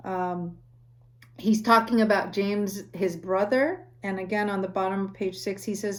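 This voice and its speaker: A woman's voice: medium pitch, steady tone, a little slow. A woman lecturing on a book in a conversational way, often checking in with "right?" and reading passages aloud. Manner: reads quoted passages aloud. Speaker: university lecturer. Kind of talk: recorded lecture.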